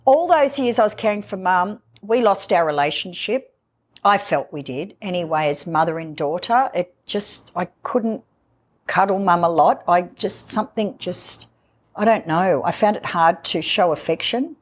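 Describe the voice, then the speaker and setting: A woman, a guest in her own home, telling a personal story in an emotional, halting way with many fillers. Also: on the low side, expressive. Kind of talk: candid personal interview.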